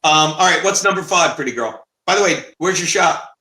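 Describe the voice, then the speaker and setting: A man co-hosting a casual livestream chat, loud and swearing, laughing through his stories. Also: a little high, lively intonation, a little fast. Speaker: co-host. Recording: echoey room.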